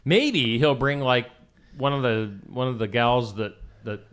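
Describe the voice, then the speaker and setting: A man's voice: medium pitch, a little slow, fairly bright tone, clear, resonant tone. A man co-hosting a morning show, trading playful quips. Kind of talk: casual banter.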